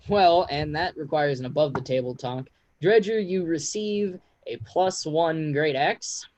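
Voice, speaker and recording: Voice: medium pitch, unhurried, background noise. A game master narrating a tabletop game, often hesitating and restarting sentences.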